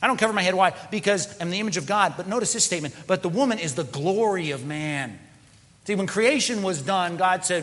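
A man preaching a sermon as pastor, animated, often slipping into mock quoted voices. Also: sits high, brisk. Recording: long hall reverb.

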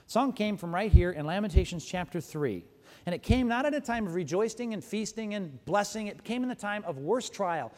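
Man, pastor, sermon, high-pitched, emphatic, self-correcting, long hall reverb. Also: a little mellow.

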